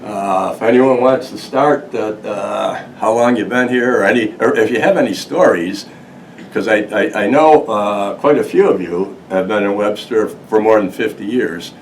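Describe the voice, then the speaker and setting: A man's voice: fairly low pitch, moderate pace. An older man presenting a local history talk, telling stories casually with many restarts and laughs. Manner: rambling, many restarts, laughs through his story. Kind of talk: casual storytelling to an audience. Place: museum meeting room with audience. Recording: distant mic, faint noise.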